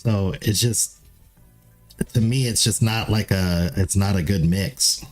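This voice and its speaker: A man chatting casually on a live stream, his fairly low voice going raspy and a little rugged at the bottom while his S sounds come out lispy. There is a nasal edge to him, and he rambles through lots of fillers with faint music playing in the background. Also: slow. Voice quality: lisp. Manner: rambling, filler-heavy, self-deprecating.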